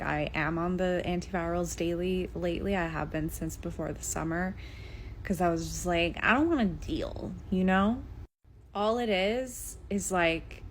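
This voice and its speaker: A woman talking casually to camera from her bed at home, calmly explaining step by step. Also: fairly low pitch, a little hiss or hum. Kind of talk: casual vlog talk.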